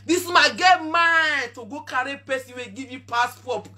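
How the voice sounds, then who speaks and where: A woman with a Nigerian Pidgin accent holds forth in a lively commentary monologue. Her voice sits high and sounds bright and sharp. She repeats herself for emphasis and swings between scolding and sudden loud bursts. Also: moderate pace. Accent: Nigerian Pidgin English. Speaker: online show host.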